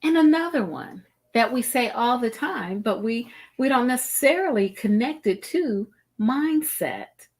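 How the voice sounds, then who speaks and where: A middle-aged woman hosting a live-streamed wellbeing talk show, speaking deliberately and repeating phrases for emphasis to her viewers. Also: fairly high pitch, expressive. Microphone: streaming setup, video call style.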